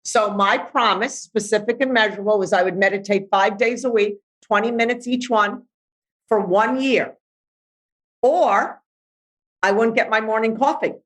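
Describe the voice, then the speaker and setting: A woman's voice: fairly high pitch, moderate pace, rough recording. A middle-aged woman life coach, speaking bluntly and animatedly in a podcast interview, acting out voices as she talks.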